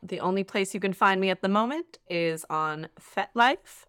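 A woman's voice: mid-range voice, normal speed, a bit bright, smooth, no echo, clean studio sound. A woman co-hosting a podcast in playful casual chat, laughing often. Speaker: podcast co-host.

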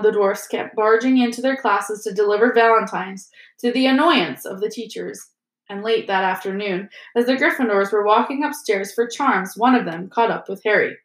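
A woman teacher reads a chapter book aloud in a steady, expressive classroom voice. Her pitch sits at a middle level. The voice rings in an echoey room. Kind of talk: storybook read-aloud.

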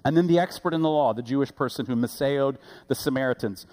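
A male pastor preaches with animated energy, his voice climbing and growing louder on the points he stresses. He tosses in quick asides and corrects himself mid-sentence. His speaking voice sits a little on the high side for a man. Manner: animated preaching, rising loud on key points. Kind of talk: sermon.

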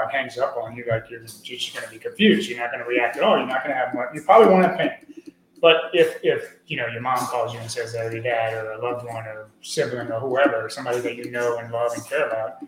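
A man talking as a podcast guest, earnest and rambling, with many fillers, getting lively when he tells stories. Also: medium pitch, quick pace. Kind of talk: conversational interview. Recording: echoey room with faint noise.

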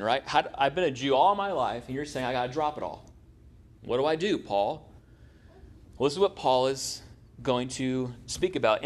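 Preaching from a church sanctuary, this man keeps his sermon casual and throws in jokes for the people listening. He is a pastor, and his voice rests at a mid pitch for a man.

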